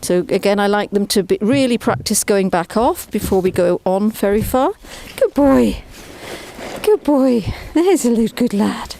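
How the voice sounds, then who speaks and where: A woman's voice: medium pitch, lively intonation, normal speed, few pauses, dark tone, a little hiss or hum. A woman who trains horses, talking through a session outdoors beside a trailer and coaxing the animal along with upbeat praise. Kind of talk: explaining training while working.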